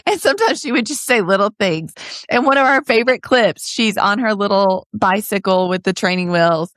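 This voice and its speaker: A woman's voice: medium pitch, normal speed, no room sound, studio quality. A middle-aged woman co-hosting a podcast in casual chat, telling stories and laughing often. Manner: chatty, laughing, animated storytelling. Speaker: podcast co-host.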